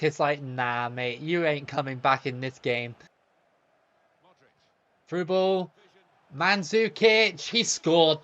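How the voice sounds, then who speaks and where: A man's voice: sits high, pushed and bright, lo-fi sound. A man narrating his own football video game match for viewers, eager and cheering his goals. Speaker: gaming video host. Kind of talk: excited play-by-play over gameplay.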